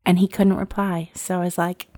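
A woman's voice: on the low side, moderate pace, dry recording. A woman in her forties telling a personal story in casual conversation, acting out the dialogue and laughing often. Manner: lively storyteller who acts out quoted dialogue and laughs often.

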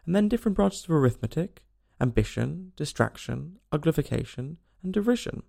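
A man's voice: fairly high pitch, animated, brisk, vocal fry, mellow, pitched above the performer's own voice, full character voice. A man voicing a weepy, sentimental male mock turtle who sighs and speaks plaintively. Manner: mournful, sighing, plaintive.

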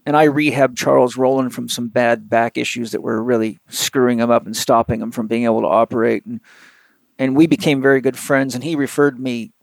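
Gravelly man spinning an animated yarn. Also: medium pitch, brisk, no echo. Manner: animated, rambling anecdotes with many fillers. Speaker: physical therapist. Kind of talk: storytelling in an interview.

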